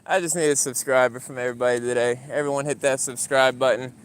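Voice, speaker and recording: A man's voice: fast talker, smooth. Casual young man streaming outdoors. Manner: animated storyteller, voice climbing high when retelling arguments. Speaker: YouTuber streaming live to chat. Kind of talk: casual livestream chat while walking a dog. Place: outdoors in a yard.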